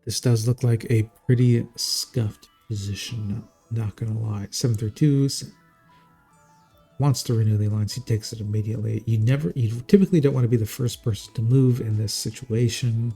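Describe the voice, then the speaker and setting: A man's voice: lowish voice, moderate pace, warm tone, husky, faint music behind. A man casting a strategy game live in a casual, jokey, chatty way. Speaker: game caster.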